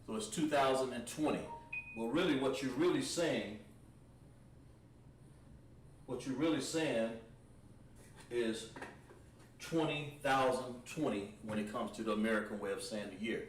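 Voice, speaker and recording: A man teaching a livestreamed Hebrew language class, slowly drilling words with lots of repetition. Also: mid-range voice. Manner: slow, repetitive, drawn-out pronunciation drills. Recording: roomy echo, distant mic, faint background noise.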